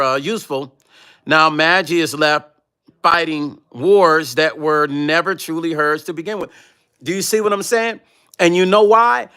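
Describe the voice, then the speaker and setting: A man's voice: on the high side, bright, forceful tone, clear, resonant tone. A man hosting his own livestream, ranting confrontationally and profanely at a rival, reading chat comments aloud. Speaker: vlog host reading live chat. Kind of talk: heated livestream rant.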